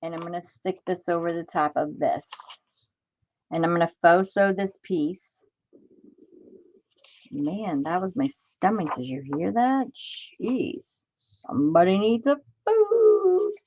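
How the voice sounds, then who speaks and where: A woman's voice: fairly low pitch, takes it slowly, a little mellow, dull audio. A woman chatting casually on a crafting livestream, talking to herself as she works and greeting viewers by name.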